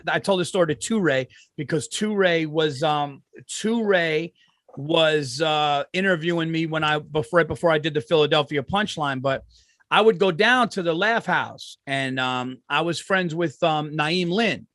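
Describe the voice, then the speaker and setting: A man with a notably high voice hosts a podcast in easygoing chat. He tells stories with animation and swears freely. The sound is dry and close, with no room at all. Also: moderate pace, a bit bright, no room sound. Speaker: podcast host. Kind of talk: casual chat.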